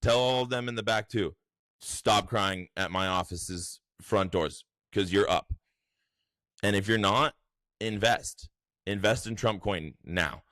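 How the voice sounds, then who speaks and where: A man's voice: lowish voice, slow, dry recording, studio quality. A man voicing a crude, defiant female official who rants and trips over her words. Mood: brash defiant. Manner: shouty, profane, stumbling over words.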